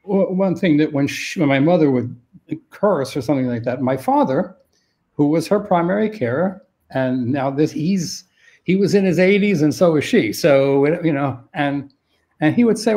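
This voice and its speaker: A man's voice: on the high side, normal speed, darkish tone. A middle-aged man answering interview questions as an expert, thoughtful and often restarting his sentences. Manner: thoughtful, with frequent restarts and stammered repeats. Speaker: dementia expert guest.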